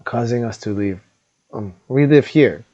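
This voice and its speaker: A man doing a gruff broken-speaking goblin. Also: mid-range voice, measured pace, dark tone, muffled recording, lightly acted. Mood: suspicious. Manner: blunt broken grammar. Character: gruff suspicious male goblin, broken speech.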